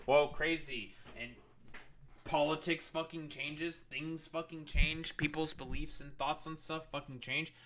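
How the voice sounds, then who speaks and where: Give me a male streamer with a bright, forceful voice, ranting in a furious, profanity-laden reaction to a clip. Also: a little high, flat delivery, unhurried, slight background noise. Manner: angry, swearing constantly.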